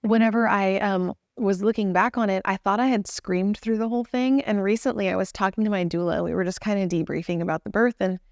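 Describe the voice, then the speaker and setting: A woman's voice: medium pitch, steady tone, fairly quick, few pauses, a little mellow, no echo, studio quality. A young woman with a Texan accent telling her own story in a casual, earnest, chatty way with fillers. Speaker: new mother telling her birth story.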